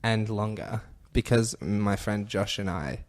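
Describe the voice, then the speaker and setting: A man's voice: fairly low pitch, a little slow, no room sound, studio quality. A man co-hosting a podcast, chatting casually, swearing and laughing often. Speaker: podcast co-host.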